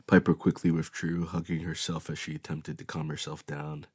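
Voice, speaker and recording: A man narrating an audiobook in a flat, even reading voice. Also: extremely low pitch, normal speed, hardly any pauses, breathy edge, dry recording, clean studio sound. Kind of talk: scripted narration.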